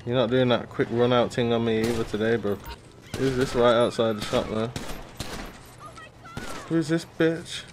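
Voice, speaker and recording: A young man giving gameplay commentary, loud, swearing often and full of street slang. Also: mid-range voice, moderate pace, pauses often, noisy background. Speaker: gaming YouTuber.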